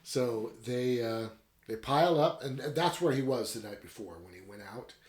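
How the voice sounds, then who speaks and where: A man's voice: medium pitch, expressive, normal speed, echoey room. A man casually retelling and reviewing a story in a rambling, conversational way. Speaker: book reviewer. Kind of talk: casual book review talk.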